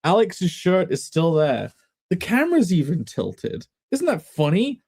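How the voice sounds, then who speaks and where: A man's voice: huge pitch swings, unhurried, vocal fry, a little mellow, husky. An English man chatting casually on a live stream from a half-emptied room at home, meandering and wry. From England. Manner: meandering and wry, with big pitch swings.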